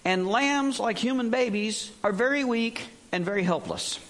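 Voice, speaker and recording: A man preaching a sermon, telling stories in an animated way. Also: very high-pitched, moderate pace. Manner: animated storytelling, acts out voices.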